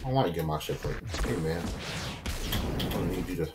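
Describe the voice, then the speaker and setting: A young man, hosting a gameplay channel, trash-talking opponents and shouting when matches heat up. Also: deep voice, moderate pace, long pauses, very noisy. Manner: excitable trash talk, shouts and taunts when fighting. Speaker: gaming channel host. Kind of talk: gameplay commentary.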